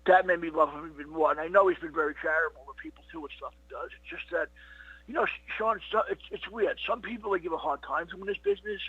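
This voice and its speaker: A middle-aged man, interviewed as a comedian guest, rambles through his stories casually, saying "you know what" and "he goes" again and again. He talks fast in a fairly high, sharp, slightly rough voice, in a dull, lo-fi, dry recording with no echo.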